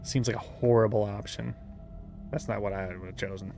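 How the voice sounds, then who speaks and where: A man's voice: on the low side, steady tone, fairly quick, vocal fry, dark tone, faint music behind. A man reading a gamebook aloud as game master, with playful asides and laughter.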